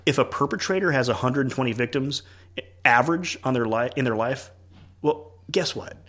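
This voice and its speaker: Earnest man, animated church talk. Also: mid-range voice, normal speed. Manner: earnest, animated, acts out quoted dialogue. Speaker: church leader and parent. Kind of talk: casual podcast conversation.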